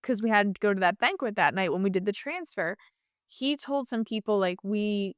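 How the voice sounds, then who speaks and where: A woman guest telling a personal story in a casual interview, chatty and animated, with lots of fillers and restarts. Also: medium pitch, moderate pace, dry recording, studio quality.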